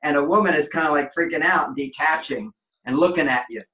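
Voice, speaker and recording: A man's voice: on the high side, a little fast, pushed and bright. A man guest on an interview show, explaining relationships in an expansive way and acting out quoted voices. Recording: echoey room.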